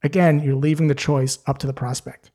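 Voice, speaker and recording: A man's voice: medium pitch, flat delivery, brisk, dark tone. A man giving a scripted, direct instructional talk as a sales coach, explaining things steadily.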